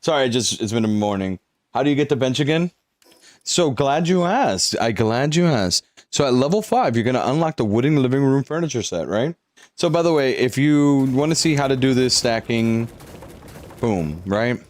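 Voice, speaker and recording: A man's voice: medium pitch, animated, brisk, a little mellow. A young man on a live stream, chatting casually with viewers and walking them through a game, swearing now and then as he hypes them up.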